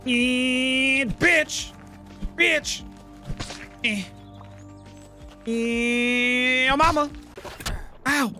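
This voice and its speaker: Male let's play host, high bright voice, cusses and hollers at his friends. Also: big pitch swings, unhurried, long pauses, soft background music. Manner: loud, profane, frequent shouting and laughter. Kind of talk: casual gaming commentary.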